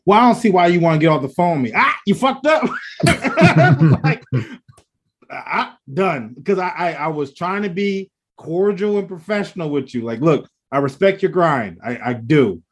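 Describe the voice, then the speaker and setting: A man's voice: a little high, expressive, normal speed, husky. A man co-hosting a casual podcast, rambling through stories and mimicking the people he talked to on the phone. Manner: rambling, laughing storyteller mimicking phone calls. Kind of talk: casual chat.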